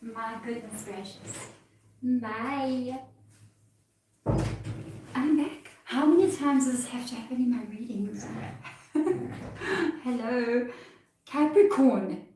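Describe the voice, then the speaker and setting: A South African woman gives a live tarot reading, chatty and reassuring, laughing often. She speaks slowly with long pauses in a mellow, slightly high voice, recorded in an echoey room with the mic far off and slight background noise.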